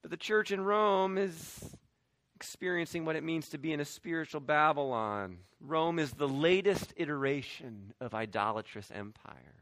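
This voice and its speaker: A man's voice: on the high side, moderate pace, fairly bright tone, no room sound. A man preaching a sermon as pastor, emphatic, with restarts and quoted asides.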